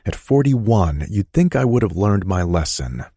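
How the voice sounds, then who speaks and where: A man narrating a romance audiobook in the first person, in a soothing, even manner. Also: on the low side, measured pace, husky.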